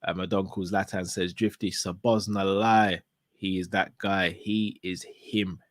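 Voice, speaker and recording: A man's voice: sits low, unhurried, no echo, studio quality. Laid-back man hosting a stream. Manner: relaxed, slangy, shouts out viewers. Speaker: host reading viewer messages. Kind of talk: casual live-stream chat.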